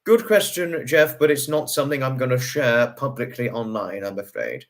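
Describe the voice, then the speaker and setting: A man, hosting a casual livestream and reading out viewer comments in a chatty way, greeting each viewer with sudden high bursts. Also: expressive, moderate pace. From United Kingdom. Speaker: livestream host.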